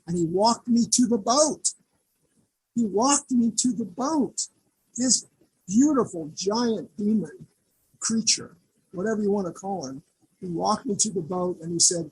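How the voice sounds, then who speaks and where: A man with a strikingly husky, breathy voice sits down as a guest to tell of a vision he once had. His pitch sits fairly high, and he talks haltingly, restarting phrases. His earnestness is charged with emotion. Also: a little mellow, rough recording. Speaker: artist guest. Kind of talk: recounting a personal vision in conversation.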